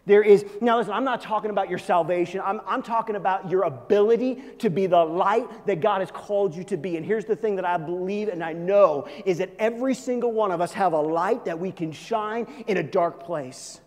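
A man preaching a sermon to his church, swinging between loud, urgent peaks and soft, low asides. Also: fairly quick, hardly any pauses. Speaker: pastor. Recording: long reverb of a large hall.

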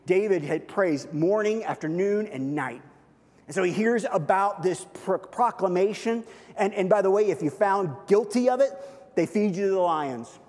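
A man preaching a sermon, retelling Bible stories in a lively, casual storytelling way. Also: high voice, moderate pace, long reverb tail. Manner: lively storytelling, acts out biblical quotes casually. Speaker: pastor.

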